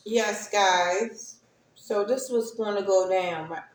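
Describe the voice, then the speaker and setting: A woman's voice: mid-range voice, slow pace. A woman giving a casual spiritual monologue to her stream viewers, rambling and often asking "right?" to check in with them. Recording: echoey room.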